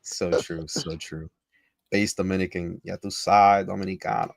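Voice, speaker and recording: A man chatting on a livestream in loose, slangy banter, tossing in Spanish phrases between jokes. His voice sits low. The sound is close and dry, with no room around it. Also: level tone, moderate pace, gravelly, no room sound. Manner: slangy, joking, switches between English and Spanish. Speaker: livestream host.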